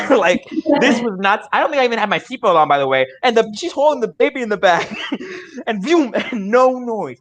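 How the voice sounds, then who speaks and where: Over a video call, a young improv performer with a high voice tells a funny story, rambling excitedly and stammering through many restarts.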